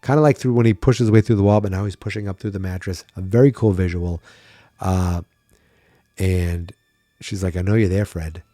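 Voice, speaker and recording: A man's voice: low voice, steady tone, normal speed, warm tone, no room sound. A tired man hosting a podcast, chatting wryly and thinking aloud in a casual solo recap. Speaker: podcast host.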